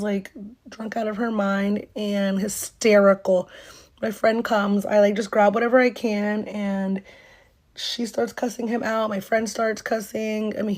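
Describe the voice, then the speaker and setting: A woman's voice: mid-range voice, a little hiss or hum. A young woman from North Carolina telling a casual storytime monologue, rambling through fillers and swearing as she acts out quoted lines.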